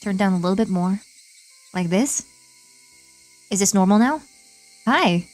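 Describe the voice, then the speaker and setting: A woman's voice: mid-range voice, moderate pace, dark tone, soft background music, low-quality recording. A young woman streamer chatting playfully while testing voice filters. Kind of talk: casual stream chat.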